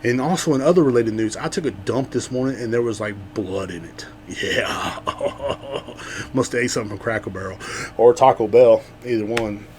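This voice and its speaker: A man riffs alone on his podcast in a loose, profane comedic monologue. He lurches from loud, excited bursts to half-swallowed mutters. His voice sits at an ordinary middle pitch, with a faint hum behind it. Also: moderate pace. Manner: rambling, profane, swings between loud outbursts and mutters. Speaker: podcast host.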